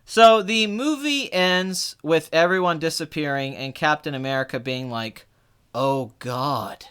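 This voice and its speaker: This is a young man in relaxed chat, co-hosting a film review show. His voice is bright and smooth, a touch higher than most men's. He talks loosely, with fillers and restarts, and keeps slipping into lively impressions of other people. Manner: animated, mimics people in high excited bursts. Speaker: podcast co-host reviewing films. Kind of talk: casual chat.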